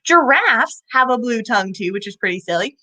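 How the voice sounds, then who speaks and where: A woman hosting a live children's animal show, animated and asking young viewers questions as she presents a lizard. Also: on the high side, brisk.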